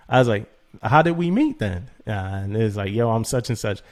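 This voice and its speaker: Slangy, animated man telling a story. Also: lowish voice, fairly quick. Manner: animated, slangy, laughs often and repeats himself. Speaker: podcast co-host. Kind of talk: casual storytelling chat.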